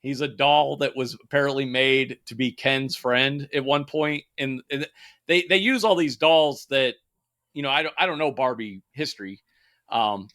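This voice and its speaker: Swearing liberally, this thirty-something co-host gets animated while pitching a movie during a relaxed podcast chat. He talks at a moderate pace in a mid-range voice.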